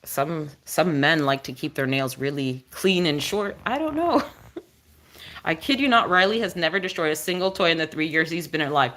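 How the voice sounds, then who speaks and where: A woman's voice: deep voice, sing-song, normal speed, fairly bright tone. A woman chatting on a casual live stream, explaining dog breeds to viewers and cooing at her dog between remarks.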